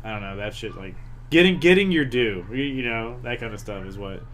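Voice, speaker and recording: A man co-hosting a casual podcast chat, talking in an animated, loose way. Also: mid-range voice, a little fast, soft background music. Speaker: podcast co-host.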